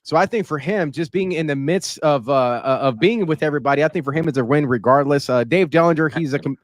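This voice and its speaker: A man hosting a podcast, doing an energetic interview full of hype. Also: on the high side, fast, no echo, studio quality. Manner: hype-driven, energetic announcer patter. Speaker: podcast host.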